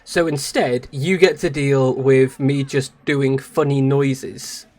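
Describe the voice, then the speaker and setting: An English man with a mid-range, slightly mellow voice casually commentates his live game stream, speaking slowly and flatly. He chats with viewers, reads their messages aloud, and laughs at himself, all through a streaming microphone.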